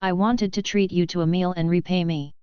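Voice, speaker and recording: A woman's voice: fairly low pitch, fairly even intonation, fairly quick, clean tone, dry recording, natural voice. A woman voicing a polite, grateful young woman asking questions, in a dull lo-fi audiobook recording. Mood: curious.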